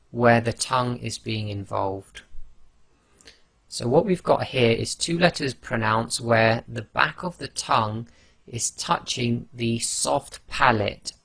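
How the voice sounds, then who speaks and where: Slow, gravelly-voiced male tajweed teacher. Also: medium pitch, a bit bright, dry recording. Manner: patient, demonstrates each letter sound slowly. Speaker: Quran recitation teacher. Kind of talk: slow instructional explanation.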